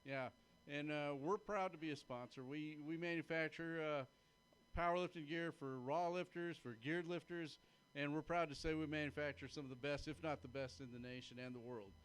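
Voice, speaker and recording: Smooth-voiced man, plainspoken company founder. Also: fairly high pitch, steady tone, normal speed, a bit bright. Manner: plainspoken and proudly promotional. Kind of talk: live event interview. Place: at a live powerlifting meet.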